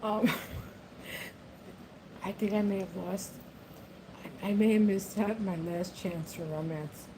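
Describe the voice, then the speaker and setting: A woman's voice: on the low side, warm tone, slight background noise, poor audio. A woman chatting casually to the camera, rambling, laughing often and talking to her pet. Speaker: vlogger.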